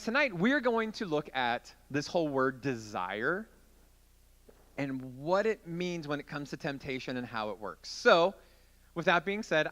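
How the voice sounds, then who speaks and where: A man's voice: fairly high pitch, sharp tone. A man preaching as a youth pastor in an interactive youth group sermon, playful and joking with volunteers.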